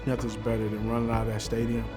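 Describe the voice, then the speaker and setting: A man's voice: medium pitch, monotone, fast talker. A man from Los Angeles, a former player, speaking earnestly and thoughtfully in an interview. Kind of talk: reflective interview. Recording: music bed behind the voice. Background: loud music.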